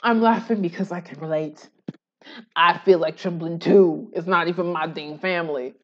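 A woman's voice: on the low side, normal speed, dull audio. Sarcastic woman reacting to a video. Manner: sarcastic, animated retelling with mocking quotes. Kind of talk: casual commentary reacting to a video.

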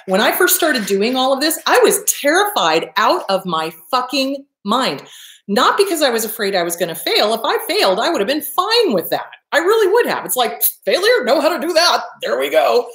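A woman's voice: on the high side, a bit bright, roomy sound. A woman therapist hosting a self-help talk, blunt and emphatic, swearing freely and repeating her points for effect. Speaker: therapist and host.

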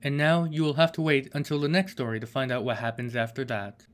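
A man reads a children's storybook in a plain, steady manner. His voice sits at an ordinary middle pitch. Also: a little fast. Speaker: audiobook reader. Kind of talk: storybook narration.

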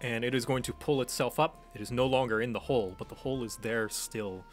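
A man running a tabletop game as game master, describing the action in a relaxed, descriptive way. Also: mid-range voice, brisk, soft background music.

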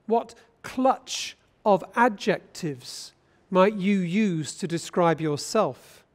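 A British bishop delivers a sermon in a church, his voice sitting high for a man. He speaks in an easy, conversational way, often turning to ask his listeners questions. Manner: conversational, asks the congregation questions. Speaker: bishop preaching.

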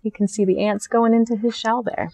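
A young woman who works as a children's librarian, reading a picture book aloud in a friendly, gentle, teacher-like way. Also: fairly high pitch, fairly even intonation, a little fast, slight background noise. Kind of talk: storytime read-aloud for children.

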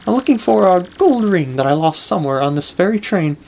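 A man's voice: sits high, sing-song, fairly quick, gravelly, voice pushed up, exaggerated voice. A man voicing a flirtatious, refined lady in a video game, genteel and fawning. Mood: flirty.

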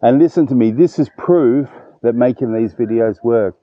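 In his fifties, this man vlogs casually to camera outdoors at a dog kennel, sounding chatty, emotional and warm-hearted. His voice sits at medium pitch and moves at a moderate pace. The audio is dull, with no echo.

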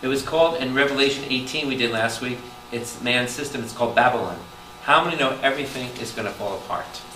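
A man preaching a Bible study in a church hall, animated and quizzing his listeners. He sounds distant from the mic, and the roomy space carries plenty of echo. A steady noise sits under his voice. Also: medium pitch, fast talker. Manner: animated, calls out questions to the room. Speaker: priest teaching Bible study. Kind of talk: lively preaching to a congregation.

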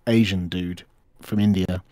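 A man's voice: low voice, steady tone, measured pace, mellow, dry recording. A man telling office prank stories in casual chat, laughing along as he goes. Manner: laughs through anecdotes. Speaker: stream co-host.

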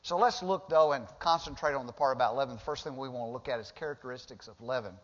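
Fast and fairly bright in tone, a man's mid-range voice delivers a sermon from a church sanctuary. This pastor speaks conversationally but surges into emphatic moments when recounting the story. Long hall reverb fills the dull, lo-fi recording.

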